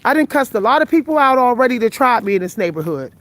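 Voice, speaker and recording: A fast-talking, very animated woman with a fairly high, slightly bright voice vlogs live on her phone while walking outside at night. She's in her forties, tired and short of breath, and addresses her viewers bluntly and profanely.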